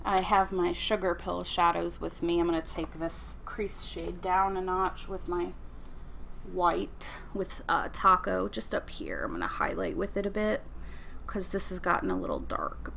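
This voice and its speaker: Lisping thirties woman rambling thru her makeup routine, lowish voice, faint room hum behind. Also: a little slow, vocal fry, fairly bright tone. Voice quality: slight lisp from a sore tongue. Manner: chatty, rambling with fillers and asides. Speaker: beauty vlogger. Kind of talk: casual get-ready-with-me chat.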